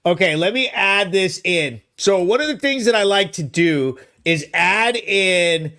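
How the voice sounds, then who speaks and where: A man hosting his own live show alone in a studio, excitable and laughing, swearing freely. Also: high voice, measured pace. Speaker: host. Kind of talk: solo live show commentary.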